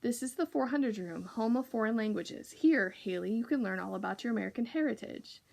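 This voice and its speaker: A woman doing a jolly booming announcer. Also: expressive, a little fast, gravelly, darkish tone. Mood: welcoming. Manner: booming, showy. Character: jolly booming male game-show announcer.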